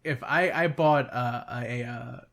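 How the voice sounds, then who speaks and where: A young man co-hosting a podcast, telling work stories in casual, profane, animated chat. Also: medium pitch, unhurried, vocal fry. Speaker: podcast co-host.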